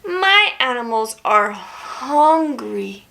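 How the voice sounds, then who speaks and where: A young woman talks to toddlers in a high, bouncy voice, stretching her words out very slowly. She gasps with delight and then drops to a hushed whisper. Her sing-song teaching sounds full of wonder and praise. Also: very animated, vocal fry. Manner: exaggerated gasps and cheerful praise.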